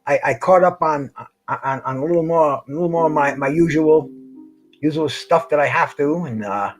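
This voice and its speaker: A man's voice: fairly high pitch, normal speed, faint music behind, rough recording. A middle-aged man hosting a boxing show, chatting casually, stammering and repeating words, full of slang. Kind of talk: casual solo chat.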